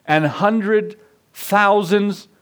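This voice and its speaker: In a church sanctuary, a pastor with a high-sitting voice preaches very slowly. He's an animated storyteller, acting out the voices of the people in his stories.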